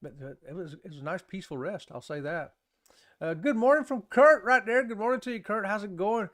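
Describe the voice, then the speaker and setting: Man, live-stream host, casual rambling chat, slightly high voice, laughs a lot, greets viewers by name. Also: brisk, a bit bright. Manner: laughs often between remarks. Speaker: host of a live cruise-talk show.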